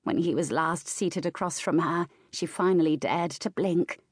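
A woman reading a historical romance audiobook in a measured, expressive way. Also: on the low side, husky, no room sound, clean studio sound. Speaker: audiobook narrator. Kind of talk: scripted narration.

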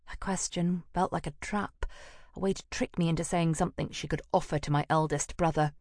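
Low-voiced woman narrating a fantasy audiobook. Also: fairly even intonation, fairly quick, darkish tone, no echo, clean studio sound.

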